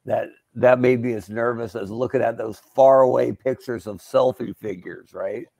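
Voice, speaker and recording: A man's voice: mid-range voice, steady tone, normal speed, gravelly, mellow, no room sound. A man co-hosting a casual livestream, trading dry jokes. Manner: dry joking banter. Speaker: podcast co-host.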